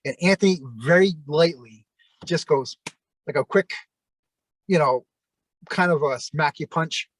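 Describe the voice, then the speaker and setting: A man telling long personal stories in a rambling, halting way, full of restarts. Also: on the high side, fairly bright tone. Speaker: interview guest. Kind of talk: casual storytelling.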